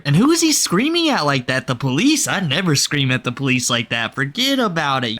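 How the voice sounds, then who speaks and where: A man's voice: on the high side, a bit bright. Man voicing a flustered, reluctant woman on the street. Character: wary ordinary woman passerby.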